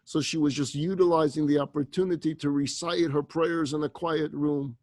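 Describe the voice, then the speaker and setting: A man, a rabbi, telling a story in a sermon, shifting dramatically between hushed and loud. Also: fairly high pitch, unhurried, long pauses, no echo.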